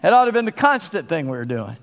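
Southern preacher in a reverberant hall. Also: male voice, fairly high pitch, very animated, racing. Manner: folksy, conversational preaching. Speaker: pastor. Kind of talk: sermon. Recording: long reverb of a church hall.

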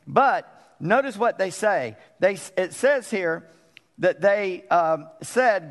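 A man preaching in a casual, talky way, his fairly high voice rising when he is excited and sinking low for the serious points. The sound rings out with a long church-hall reverb. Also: slow. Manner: conversational, animated preaching with sudden drops to a low voice. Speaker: pastor. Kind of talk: sermon. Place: church sanctuary.

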